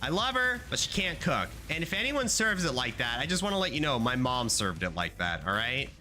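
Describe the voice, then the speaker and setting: A man's voice: mid-range voice, sing-song, a little fast, bright, forceful tone, soft background music. A young man streaming a video game, chatting casually to his audience in playful, rambling rants with lots of swearing. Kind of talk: casual gaming livestream chat.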